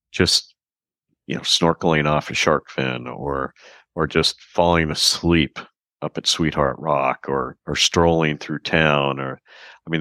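A very deep-voiced man hosts an interview with eager, rambling enthusiasm, often restarting his sentences. The sound is dry and close, as on a video call. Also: sharp tone, dry recording. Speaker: podcast host. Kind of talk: casual interview chat.

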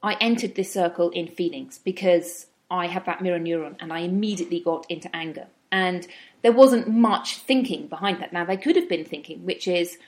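A woman's voice: lowish voice, normal speed. A middle-aged woman giving a reflective teaching talk, with acted inner-voice asides. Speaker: wellbeing speaker.

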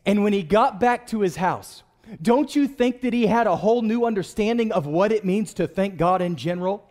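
A male pastor delivers a sermon in church, urging the congregation to answer back. His voice sits high and swings widely in pitch. He preaches with lively, rising and falling emphasis. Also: normal speed, long reverb tail. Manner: preaching with call-and-response to the congregation.

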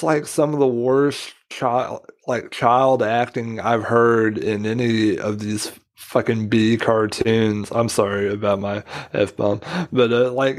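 A man's voice: medium pitch, a little mellow. Male guest, mid-range voice, loose rambling delivery, lots of "like". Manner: rambling, leans heavily on "like". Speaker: podcast guest. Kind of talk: casual chat.

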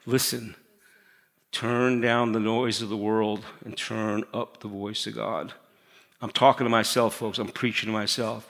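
A middle-aged man preaching a sermon in a conversational way, dropping to a hush to stress his points. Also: mid-range voice. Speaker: pastor.

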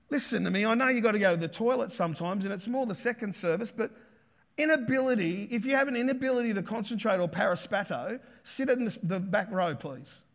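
A pastor preaching a sermon with emphatic delivery, repeating key words and acting out quotes. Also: male voice, high-pitched, creaky, fairly bright tone.

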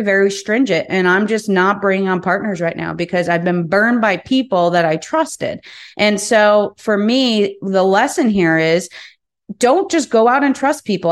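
A woman hosting a business podcast, speaking frankly in a candid monologue, cursing now and then and repeating words as she works through her thoughts. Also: mid-range voice.

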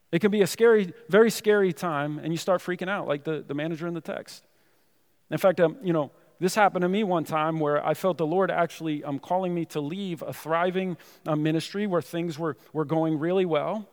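A man's voice: a little high, normal speed, big-room sound. A man preaching a sermon in a church, talking in a conversational way with many asides to the congregation. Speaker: pastor. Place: church sanctuary.

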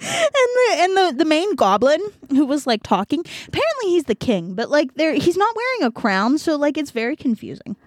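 A woman's voice: sits high, sing-song, fairly quick, hardly any pauses, dry recording, studio quality. A young woman hosting a podcast, casually retelling a story with a rambling, giggly manner and many fillers. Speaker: podcast host. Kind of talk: casual chat.

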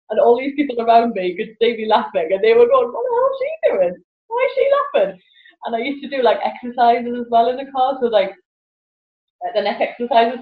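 A woman, a guest in an interview, telling stories animatedly, laughing often and acting out voices. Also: on the high side. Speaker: guest, laughter yoga teacher. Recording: roomy, slightly dull sound with faint music.

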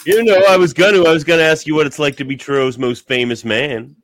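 A male podcast co-host talks fast in a fairly high voice with fairly even intonation, keeping the chat casual and slipping in dry, teasing asides.

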